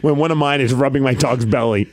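A man's voice: medium pitch, fast, background noise. A young adult man co-hosting a podcast, trading jokes in casual chat. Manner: jokey, animated banter. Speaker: podcast co-host.

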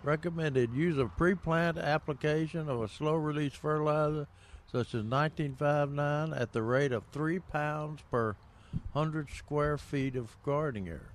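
A man's voice: fairly high pitch, normal speed, hardly any pauses. An older man co-hosting a gardening radio show, telling rambling stories with lots of fillers and chuckles. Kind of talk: casual radio chat.

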